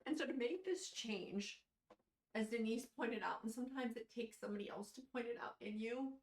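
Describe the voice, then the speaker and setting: A woman's voice: fairly high pitch, normal speed, roomy sound. A woman talking straight to camera in a vlog, tearful and heartfelt, rambling with fillers. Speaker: vlogger. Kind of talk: emotional casual vlog. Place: at home, in her robe.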